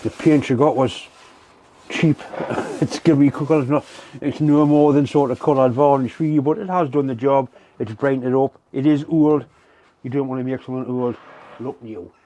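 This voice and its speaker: A man vlogging from his workshop, talking to camera in a candid, plain-spoken, unhurried way. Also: mid-range voice, dark tone, a little hiss or hum. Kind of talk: casual chat to camera. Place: home workshop.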